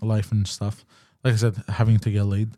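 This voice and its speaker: A man's voice: lowish voice, flat delivery, normal speed, dark tone. Slangy casual male podcast host. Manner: loose, slangy, swears, says "bro". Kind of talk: casual live-stream chat.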